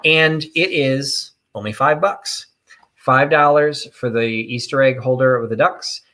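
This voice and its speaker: A man's voice: mid-range voice, a little slow, bright, forceful tone. A man hosting a live online vintage sale, talking casually and rambling with self-deprecating asides and many fillers. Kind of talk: casual live-stream sales patter.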